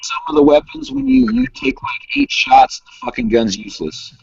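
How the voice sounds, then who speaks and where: A man in casual chat, relaxed and full of filler likes. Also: very high-pitched, normal speed, vocal fry, breathy edge. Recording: dry dull lo-fi recording.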